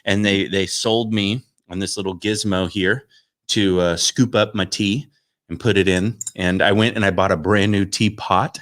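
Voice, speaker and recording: Rambling deep-voiced man chatting. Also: fairly even intonation, moderate pace, a bit bright. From Florida. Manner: rambling, chatty, self-mocking. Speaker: stand-up comedian. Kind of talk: casual chat to viewers. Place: home studio.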